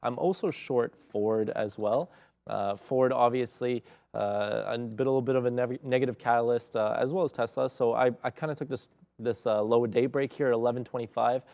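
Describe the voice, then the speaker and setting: Male trader, mid-pitch voice, easygoing chart walkthrough with fillers. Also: normal speed, creaky. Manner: relaxed, talks through charts with fillers. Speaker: day trader on live show.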